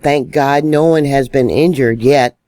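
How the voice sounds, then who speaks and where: A man's voice: medium pitch, measured pace, warm tone, no echo. A man giving solo online news commentary, indignant and emphatic as he stresses warnings.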